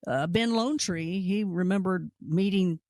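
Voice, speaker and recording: A woman hosting a radio talk show, telling stories in a lively, conversational way with pitch that jumps up when she stresses a point. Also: a little slow, no room sound, studio quality.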